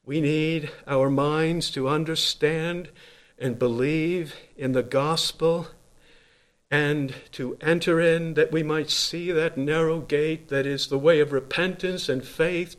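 A man preaching a sermon in an earnest voice, swinging from loud emphatic lines to quiet low ones.

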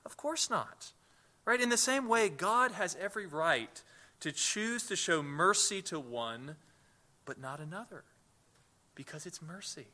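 A man's voice: high voice, animated, measured pace, bright, forceful tone. A man preaching a sermon as pastor, in a conversational way, often repeating words as he starts sentences and asking the listeners rhetorical questions. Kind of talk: sermon teaching.

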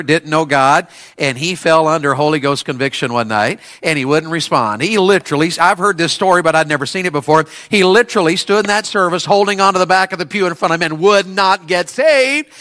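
A man preaching a sermon, telling stories in a folksy way with rising bursts of excitement. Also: a little high, a little fast. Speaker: evangelist preacher.

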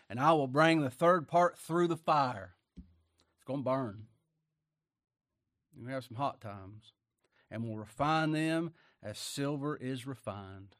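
A man preaching a sermon, swinging from quiet asides to loud emphatic bursts, with folksy talk and chuckles. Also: medium pitch, dry recording, clean studio sound.

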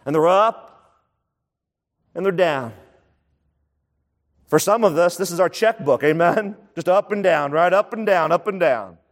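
A man's voice: high voice, measured pace, pauses often. A man preaching a sermon as pastor, emphatic and repeating his key points so the congregation can write them down. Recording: long reverb of a large hall.

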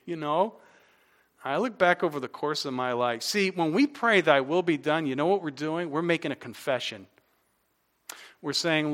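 A middle-aged man preaching a sermon as a pastor, telling stories, dropping to a hush and then rising loud and animated. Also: a little high, normal speed. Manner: storytelling, swings from hushed to loud and animated.

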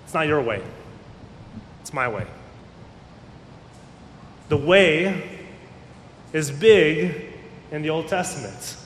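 An animated pastor preaches slowly, pausing often, in a conversational style where he acts out the voices of people he quotes. The recording has the echo of a hall and a faint rumble.

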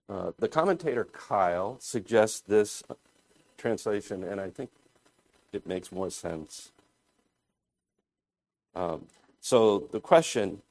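Expressive and a little mellow, this pastor's voice sits on the low side. He explains scripture in a deliberate, thoughtful sermon, frequently pausing and starting phrases over.

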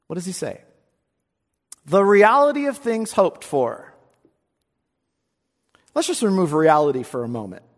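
A pastor preaching an expository sermon in a church, swinging between emphatic lines and hushed asides and asking rhetorical questions. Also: male voice, high voice, sing-song, a little slow, long pauses, in a large hall. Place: church sanctuary.

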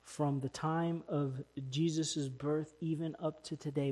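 A man's voice: fairly high pitch, steady tone, a little slow, hardly any pauses. Emphatic pastor preaching a sermon, man. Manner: emphatic, rising to loud stresses. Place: church.

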